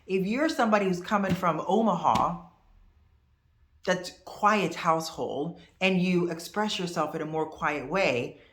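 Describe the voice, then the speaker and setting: An expressive woman in her fifties gives a casual lesson to camera. Her voice sits a little low, and the room around her sounds echoey. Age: 50s. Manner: expressive, conversational, animated asides. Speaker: host.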